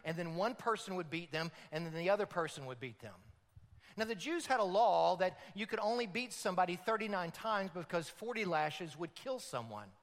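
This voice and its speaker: A man preaching a sermon, dramatic and building to loud emphatic peaks. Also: high voice, lively intonation, a little fast, big-room sound. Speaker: pastor.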